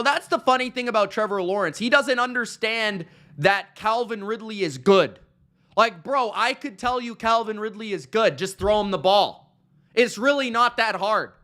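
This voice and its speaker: A man's voice: sits high, bright, forceful tone. A man hosting a podcast, ranting about football in an exasperated, sarcastic, slangy way. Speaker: podcast host. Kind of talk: ranting sports commentary.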